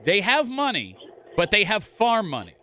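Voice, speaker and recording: A male radio host, teasing callers in quick-witted call-in banter. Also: sits high, huge pitch swings, bright, forceful tone, slight background noise.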